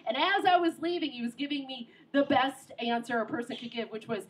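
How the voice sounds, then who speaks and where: High-voiced woman doing stand-up. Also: a little hiss or hum, poor audio. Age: 30s. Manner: animated, joking, quick asides. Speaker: stand-up comedian and show host. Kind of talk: stand-up comedy. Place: outdoor comedy show on a pier. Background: audience.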